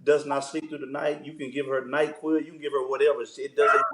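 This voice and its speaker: Pastor with a roomy, echoey sound. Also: male voice, fairly high pitch, fast. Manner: relaxed, storytelling, frequent "man" fillers. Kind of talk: conversational interview.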